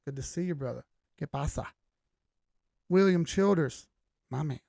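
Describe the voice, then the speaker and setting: Gravelly laid-back man. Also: a little high, normal speed, dark tone, dry recording, clean studio sound. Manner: laid-back, greets viewers by name, swears casually. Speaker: livestream host. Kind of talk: casual live-stream chat.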